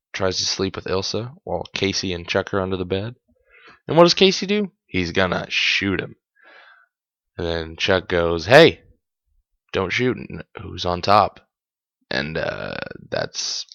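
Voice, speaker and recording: A man's voice: low voice, a bit bright, no room sound. A man hosting a podcast, chatting casually through an episode recap, amused and correcting himself as he goes. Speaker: podcast host. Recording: dull, dry lo-fi sound.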